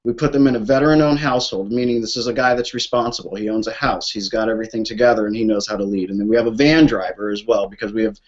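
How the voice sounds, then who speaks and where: A man's voice: fairly low pitch, racing, hardly any pauses, dull audio. A man on a group call speaking about his veterans' flag program, emotional and blunt, swearing and repeating himself. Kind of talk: impassioned talk on a group call. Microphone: call line.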